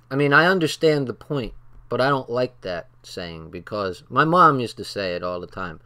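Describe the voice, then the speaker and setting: A man's voice: medium pitch, expressive, normal speed, pushed and bright. A man hosting his channel, reading from a text and commenting on it in a blunt, profane, casual way, with stories from his own life. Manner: blunt and profane, talks straight from personal stories.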